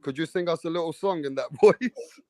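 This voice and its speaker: A man hosting a relaxed boxing chat, his voice a little raised in pitch and sounding enthusiastic and playful. The recording is dry and close, with no room around it. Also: a little fast, no echo. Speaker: host. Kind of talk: casual chat.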